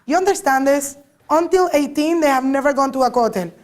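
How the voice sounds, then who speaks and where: A woman giving an informal talk to a group, lively and always asking her listeners questions. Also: sits high, a little fast. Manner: lively, asks the audience many questions. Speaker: lecturer.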